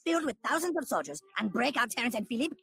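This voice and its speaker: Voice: mid-range voice, sing-song, fast talker, vocal fry, pushed and bright, husky, heavily acted. A defiant French cartoon boy. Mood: scornful. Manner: defiant, scornful. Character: gruff young French boy rebel leader. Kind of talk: cartoon film dialogue.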